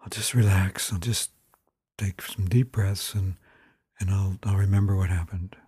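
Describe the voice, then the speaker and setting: A man's voice: low-pitched, steady tone, measured pace, warm tone, slightly rough, dry recording, exaggerated voice. A man voicing an anxious grown man in a told story, hesitant and repeating his words.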